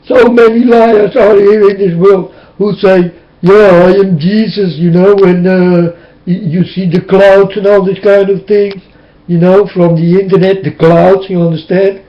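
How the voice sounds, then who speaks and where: A high-voiced man whose first language is Dutch pleads slowly and with emotion, his talk drifting into preaching. He speaks into a webcam, and the sound comes through dull and lo-fi. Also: little pitch movement. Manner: impassioned, tearful, repetitive preaching. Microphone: webcam mic.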